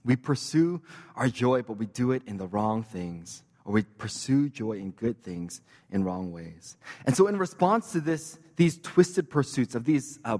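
A man's voice: medium pitch, a little mellow, long reverb tail. A man preaching a sermon as pastor, conversational and joking, with casual fillers and asides.

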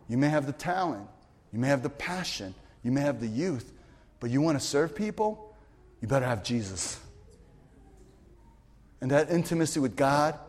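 A man pastor telling a story in a sermon, animated, swinging from loud, excited bursts to quiet asides. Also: mid-range voice. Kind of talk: storytelling sermon at a youth retreat. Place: retreat meeting hall. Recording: long reverb of a large hall.

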